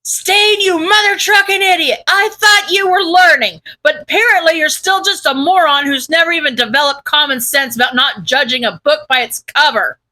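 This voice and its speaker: Hot-headed teen boy voiced by a woman, snarky and loud, bright high voice. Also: expressive, normal speed. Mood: yelling. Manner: yelling insults, scornful. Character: brash teenage boy, hot-tempered and foul-mouthed.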